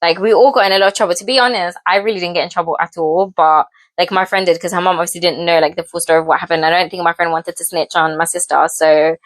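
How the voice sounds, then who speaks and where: A chatty young woman telling stories while she cooks in her home kitchen, her voice a little low and full of giggles and fillers. The sound is close and dry, with no room around it. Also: fairly even intonation, fast, few pauses, dry recording. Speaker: vlogger. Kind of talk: casual storytelling while cooking.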